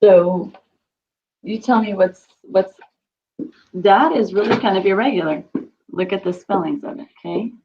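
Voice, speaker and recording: A woman's voice: medium pitch, unhurried, long pauses, lo-fi sound. A woman teaching a Spanish class, patiently quizzing students and repeating their answers.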